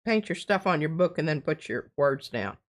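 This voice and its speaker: A woman's voice: deep voice, sing-song, normal speed. An older woman, co-hosting a live art stream, chatting casually and reading viewer comments while she laughs often and stammers. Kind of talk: casual chat while crafting, reading chat aloud.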